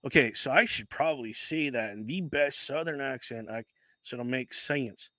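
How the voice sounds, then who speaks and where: A man's voice: medium pitch, moderate pace, bright, forceful tone, no room sound. A man hosting a casual livestream, chatting as he unboxes, rambling, correcting himself and swearing casually into a desk microphone. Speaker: livestream host.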